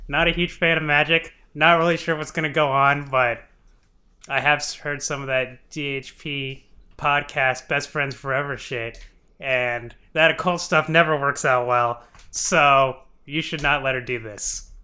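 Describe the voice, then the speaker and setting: A man's voice: mid-range voice, fairly even intonation, measured pace, bright, forceful tone. A man voicing a stern male bodyguard knight who distrusts magic and warns in blunt, profane terms. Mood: warning. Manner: blunt, profane, matter-of-fact.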